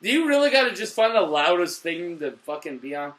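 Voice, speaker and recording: A young man hosting a casual TV review, a little drunk, excitable and swearing, bursting into shouts. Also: high voice, fairly quick. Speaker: show host reviewing TV.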